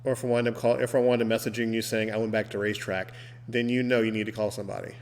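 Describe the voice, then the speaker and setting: A man hosting a podcast, asking teasing questions and telling animated jokes. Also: mid-range voice, very fast, big-room sound, slight background noise. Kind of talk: casual podcast chat.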